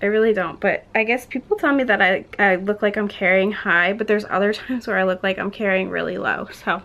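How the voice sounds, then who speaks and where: A woman's voice: medium pitch, a little fast, a bit bright, dull audio. Young woman vlogger, casual storyteller, chatty and rambling, laughs often, slightly breathless. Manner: chatty, rambling, full of "like" and restarts; laughs often between words. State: a little out of breath.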